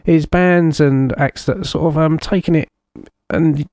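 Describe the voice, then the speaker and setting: A man presenting a radio show in a relaxed, jokey way, rambling with plenty of fillers. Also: a little high, measured pace, no room sound, clean studio sound. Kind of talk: casual radio chat.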